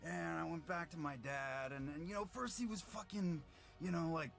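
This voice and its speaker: A man's voice: fairly high pitch, normal speed, gravelly, fairly bright tone, soft background music. A man voicing a brash, crude young woman in an improvised retelling, rambling and swearing as he stumbles over words.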